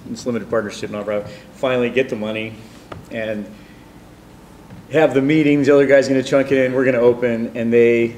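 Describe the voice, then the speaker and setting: A middle-aged man telling a personal story in a rambling, animated way, with many fillers and restarts. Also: medium pitch, fairly quick, a little hiss or hum. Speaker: storyteller guest.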